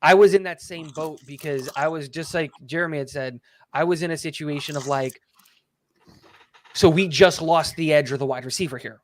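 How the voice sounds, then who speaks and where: A man co-hosting a casual sports chat, talking fast and excitedly and often repeating words as he restarts. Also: on the high side. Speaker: co-host.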